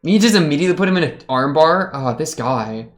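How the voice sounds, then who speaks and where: A man's voice: fairly high pitch, expressive, brisk. A young man casually commenting while watching an anime episode, chatty and rambling, laughing often. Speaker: reaction streamer.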